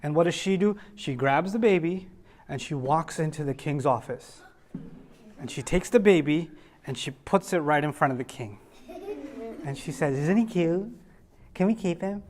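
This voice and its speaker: Animated man telling a story to kids. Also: fairly high pitch, normal speed. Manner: animated, acts out characters with voice changes, asks the kids questions. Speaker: teacher telling a story to children. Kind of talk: storytelling lesson for children. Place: room with children listening.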